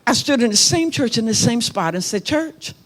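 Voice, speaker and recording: A woman's voice: on the high side, expressive, fairly quick. A middle-aged woman pastor preaching a sermon in a church. She tells a personal story with passion and speaks straight to her congregation. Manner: impassioned, personal storytelling, addresses the congregation directly. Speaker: pastor and prophet.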